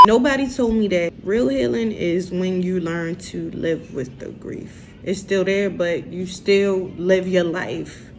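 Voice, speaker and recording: Emotional young woman, slow halting speech. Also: mid-range voice, very noisy. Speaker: vlogger. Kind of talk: personal confessional vlog.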